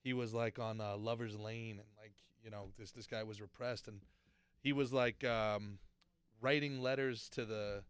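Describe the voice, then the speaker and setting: A man's voice: fairly low pitch, steady tone, moderate pace, clean tone, no room sound. A man hosting a podcast, asking questions in loose, casual chat and swearing now and then. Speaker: podcast host.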